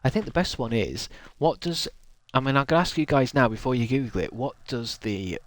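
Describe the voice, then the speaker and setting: A man's voice: mid-range voice, lively intonation, brisk. Man streaming, swearing casually. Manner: chatty, swears freely, laughs often. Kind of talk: casual gaming stream chat.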